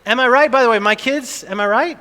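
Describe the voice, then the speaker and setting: A middle-aged male pastor tells a family story from the pulpit with lively, animated energy, acting out screams as he goes. His voice is high-pitched and very bright. The sound carries a long reverb, like a big hall. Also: a little fast. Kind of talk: sermon.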